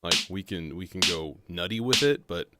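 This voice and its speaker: A man's voice: deep voice, expressive, moderate pace. A man hosting a casual livestream about modular synths, rambling and self-interrupting as he talks. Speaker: livestream host. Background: faint synth music.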